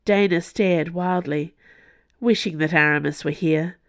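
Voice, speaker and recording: Slow, gravelly woman narrator. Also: lowish voice, dry recording. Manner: slow, measured reading. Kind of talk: audiobook narration.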